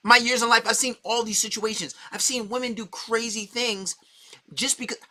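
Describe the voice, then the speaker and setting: Blunt, forceful man ranting. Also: very high-pitched, steady tone, moderate pace. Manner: blunt, profane, heated. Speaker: dating coach. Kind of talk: opinionated monologue.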